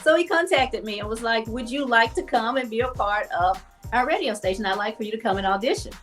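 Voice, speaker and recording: A woman guest telling a story in a casual interview, animated and laughing, acting out the voices of people she quotes. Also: a little high, fast talker, soft background music.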